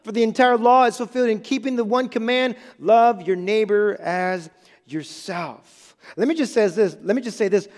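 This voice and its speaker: In a church sanctuary, a man with a high, darkish voice preaches a sermon with emphasis, repeating key phrases and checking in with the congregation. The hall gives a long reverb, and music plays.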